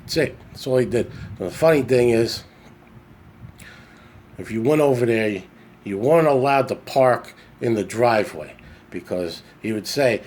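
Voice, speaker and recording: A man's voice: medium pitch, moderate pace, a little mellow. Chatty New man on a phone. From New York. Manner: rambling, chatty, self-correcting. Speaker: podcast host. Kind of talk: casual storytelling monologue. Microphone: phone camera.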